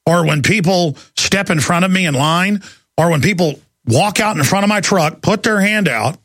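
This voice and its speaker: A man's voice: on the high side, a bit bright, no echo. A man in his forties from Texas hosting a political talk radio show, ranting and telling stories in an intense, rambling way. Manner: intense, rambling, emphatic storytelling. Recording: dry studio, faint music.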